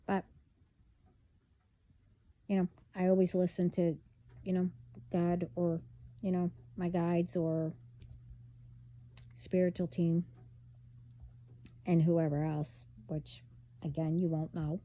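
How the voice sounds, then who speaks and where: A woman talking bluntly in a casual spiritual vlog, halting, with many fillers and restarts. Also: on the low side, flat delivery. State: hiccups. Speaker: vlogger. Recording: phone-like band-limited audio.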